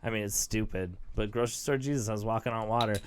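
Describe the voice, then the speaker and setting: A man's voice: on the low side, fast talker, slight background noise. A young man hosting a podcast, talking in a casual, rambling rant with lots of fillers and self-mocking asides. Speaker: podcast host. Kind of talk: casual ranting monologue.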